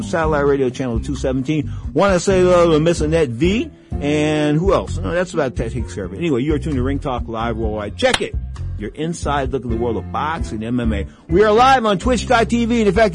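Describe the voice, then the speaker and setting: Chatty middle-aged male radio host. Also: on the high side. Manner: emphatic, chatty storyteller, slangy asides. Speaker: boxing radio talk show host. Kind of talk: rambling anecdotal radio talk. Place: radio studio. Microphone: studio microphone.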